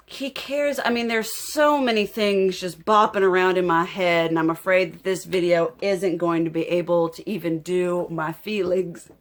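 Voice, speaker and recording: A young adult woman chatting casually to her viewers while doing her makeup, rambling and heartfelt and often emotional. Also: mid-range voice. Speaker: beauty vlogger. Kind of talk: casual get-ready-with-me chat.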